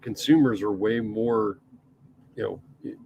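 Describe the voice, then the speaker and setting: A man's voice: on the low side, slow, background noise. A man with an East Coast accent co-hosting a podcast in a casual, rambling chat, full of restarts and the odd curse. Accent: East Coast American. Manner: rambling, with frequent restarts and profanity. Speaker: podcast co-host.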